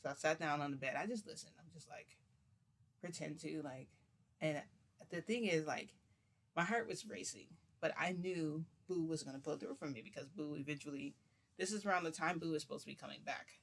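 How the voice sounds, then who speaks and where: Rambling male storyteller, slightly high voice. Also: brisk, vocal fry, a bit bright. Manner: rambling with fillers, acts out voices. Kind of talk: casual spoken storytelling.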